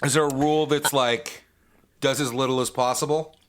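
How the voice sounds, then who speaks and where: A man's voice: medium pitch, steady tone, moderate pace, slight background noise. A man co-hosting a gaming podcast, blunt and joking, with casual swearing. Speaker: podcast co-host.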